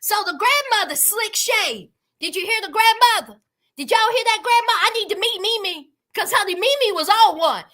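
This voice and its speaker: Very high, bright, sassy woman. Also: moderate pace. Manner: sassy, animated storytelling. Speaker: reality TV recap host. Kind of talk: casual comedic commentary.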